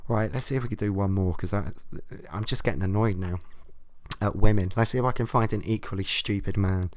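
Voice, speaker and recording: A man's voice: fairly low pitch, a little fast, dry recording. A man hosting a comic show, reading out advice letters and ranting about them with blunt, sweary sarcasm. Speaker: host reacting to advice letters.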